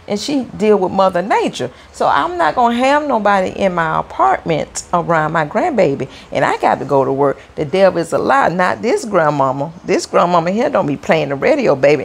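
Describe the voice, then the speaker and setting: A woman's voice: mid-range voice, gravelly, husky. A woman, chatting to her viewers from her apartment in a rambling way, often repeating her words. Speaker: vlogger. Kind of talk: casual rambling chat to viewers.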